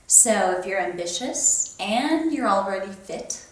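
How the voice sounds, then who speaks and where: A woman's voice: mid-range voice, animated, measured pace. A woman in her fifties, a fitness instructor, demonstrating a home workout in an encouraging way, a little out of breath. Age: 50s. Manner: encouraging, counts reps while lifting. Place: home room. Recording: very echoey room, far from mic.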